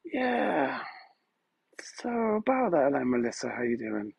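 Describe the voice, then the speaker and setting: A man's voice: on the high side, big pitch swings, measured pace, creaky, slightly rough, no echo. A man hosting a live stream, talking in a hesitant, rambling way full of fillers, his voice turning emotional at moments. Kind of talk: casual live-stream chat. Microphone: phone.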